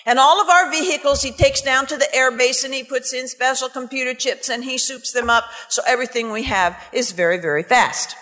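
A woman preacher telling a story in a sermon, animated and dramatic. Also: high-pitched, fairly quick, hardly any pauses, in a large hall.

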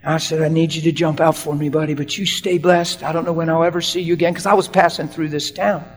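A man's voice: fairly high pitch, fast talker, in a large hall, soft background music. A man preaching a storytelling sermon, acting out the people in his story and laughing often. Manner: animated, acts out dialogue, laughs often.

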